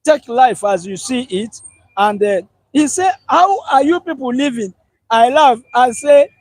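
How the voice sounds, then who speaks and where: A Nigerian man in a street interview, complaining in an animated, ranting way and laughing as he talks. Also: very high-pitched, unhurried, dry recording, low-quality recording.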